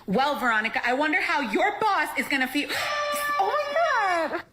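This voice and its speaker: A woman voicing an irate, demanding female customer in a cartoon, yelling dramatically. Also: high voice, very animated, normal speed, full character voice. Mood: outraged. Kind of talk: cartoon voice acting.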